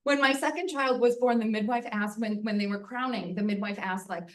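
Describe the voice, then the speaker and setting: A woman's voice: mid-range voice, fairly quick, hardly any pauses. A woman telling a frank, bawdy comic story to a live audience, laughing at her own lines. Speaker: storytelling performer. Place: live venue in front of an audience. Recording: roomy audience mic from a distance.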